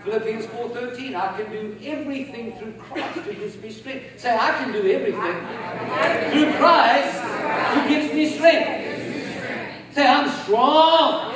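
A man preaching a sermon with emphasis, leading the congregation in call-and-response. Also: very high-pitched. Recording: echoey hall, voice from far off.

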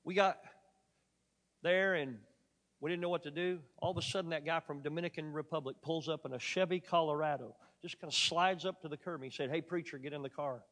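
A man preaching a sermon, telling a story dramatically and swinging from loud emphatic peaks to quiet asides. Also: a little high, a little fast, in a large hall.

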